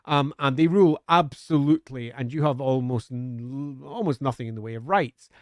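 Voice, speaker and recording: A man's voice: mid-range voice, normal speed, darkish tone, no echo, studio quality. A man on a live stream answering viewer questions in a chatty, upbeat way, with frequent hesitant fillers.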